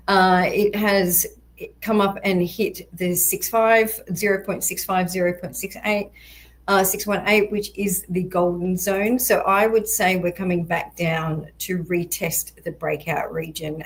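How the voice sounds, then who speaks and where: A woman walking through crypto price charts in a measured, explanatory way, with frequent ums and a voice that is going hoarse. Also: on the low side, low-quality recording. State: voice going hoarse, occasional coughs. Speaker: crypto market analyst. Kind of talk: chart analysis walkthrough.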